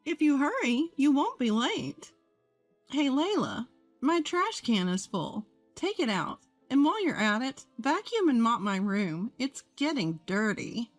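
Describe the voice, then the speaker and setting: A bossy older mother-in-law who orders everyone around in a nagging, entitled tone, as a woman narrator puts her on. The voice sits slightly higher than the storyteller's own, recorded dry and close. Soft music plays quietly in the background. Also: big pitch swings, measured pace, no echo, exaggerated voice. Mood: demanding.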